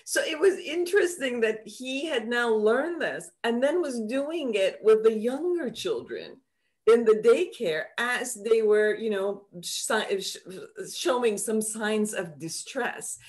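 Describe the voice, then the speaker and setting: A woman psychotherapist explaining her methods in an interview, animated, acting out quoted dialogue as she goes. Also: on the high side, takes it slowly. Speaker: psychotherapist guest. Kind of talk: explaining in conversation.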